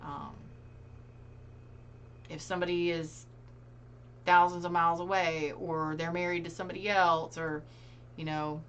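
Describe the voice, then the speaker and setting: A woman reads tarot cards in a loose, conversational way. She speaks to her viewers directly and earnestly, her voice sitting a little low. A faint hum runs under the recording. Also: little pitch movement, measured pace, pauses often, a bit bright, muffled recording. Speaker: tarot reader. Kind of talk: casual tarot reading to camera.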